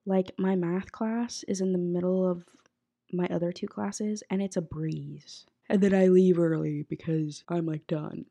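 A woman's voice: fairly low pitch, fairly even intonation, a little slow, creaky, dark tone. A young woman hosting a podcast, chatting casually with lots of fillers, a bit sick. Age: young adult. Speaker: podcast host. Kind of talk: casual chat. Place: college apartment bedroom.

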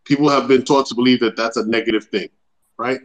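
A man explaining his project in an earnest way, pausing often with hesitations. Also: medium pitch, steady tone, rough recording. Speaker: project founder. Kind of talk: casual explanatory talk.

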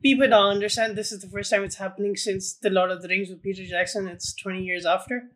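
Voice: medium pitch, fast. A podcast co-host reading listener questions and gushing about films, swearing and restarting often. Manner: excitable, swears, stumbling restarts. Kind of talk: casual film podcast chat.

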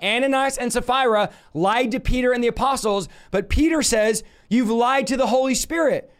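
A man teaching a Bible study in an animated, emphatic way. He repeats phrases for stress and jokes with his viewers. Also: very high-pitched, moderate pace, few pauses, smooth.

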